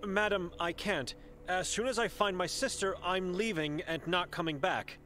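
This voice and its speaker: A man's voice: high voice, normal speed, sharp tone, slight background noise. An actor playing a monk from Hungary who searches for his missing sister, asking polite, anxious questions. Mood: uneasy.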